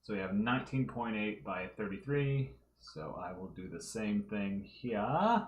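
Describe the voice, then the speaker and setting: Low-voiced man thinking aloud while drawing. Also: animated, a little slow, echoey room, dull audio. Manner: talks through his work step by step, thinking aloud. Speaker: livestreaming fan artist. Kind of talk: casual livestream commentary while drawing. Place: room at home.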